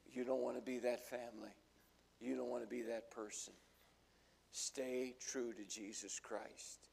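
An older male pastor giving a folksy sermon full of homespun stories. His voice is gravelly, with a middling pitch, and his delivery swells and drops as he tells the stories. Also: level tone, a little slow, a little mellow. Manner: folksy storytelling, acts out quotes.

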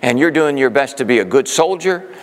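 A man preaching a sermon, telling a story in a lively way and acting out the quoted voices. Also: mid-range voice, brisk, big-room sound. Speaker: pastor.

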